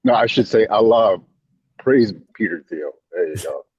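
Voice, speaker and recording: Man, crude joker, laughs constantly, husky voice, muffled lo-fi line. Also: lowish voice, expressive, moderate pace, no echo. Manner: crude joking, laughs a lot. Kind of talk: casual chat. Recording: muffled lo-fi call audio.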